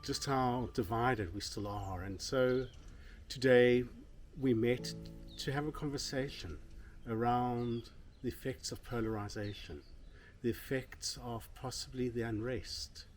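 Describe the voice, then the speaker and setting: A man outdoors in a forest, hosting a reflective conversation with calm, measured questions. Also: medium pitch, soft background music. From South Africa. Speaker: host asking questions.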